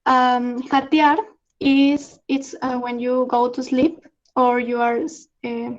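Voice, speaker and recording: A young Peruvian woman with a Spanish accent, teaching slang in an online lesson, halting with many fillers and frequent laughs. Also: high voice, flat delivery, dull audio. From Peru. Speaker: student exchange presenter. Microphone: video call.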